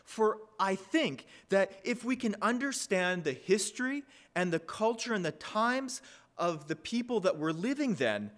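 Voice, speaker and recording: A man preaching a sermon as pastor, reading scripture aloud with an expressive, emphatic delivery. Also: sits high. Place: church.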